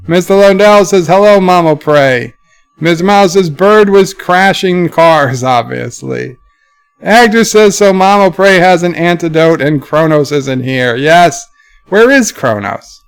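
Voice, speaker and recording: A man hosting a casual livestream, reading viewers' chat aloud in a lifted voice and answering it in a low, offhand mutter. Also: expressive, measured pace, creaky, smooth.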